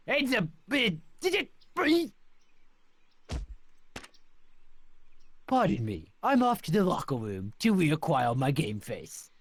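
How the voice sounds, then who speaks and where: An actor playing a cheerful, dim, cocky cartoon athlete in a video game, with a goofy, husky voice. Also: male voice, high voice, no echo, heavily acted. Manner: goofy, cocky, easily distracted.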